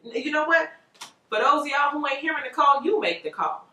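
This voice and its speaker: A woman giving a casual tarot reading to viewers, animated and rambling, with frequent laughs. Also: high-pitched, fairly quick, recorded from a distance. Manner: animated, chatty, loose and rambling, laughs often. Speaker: tarot reader. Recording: roomy echo, voice off-mic.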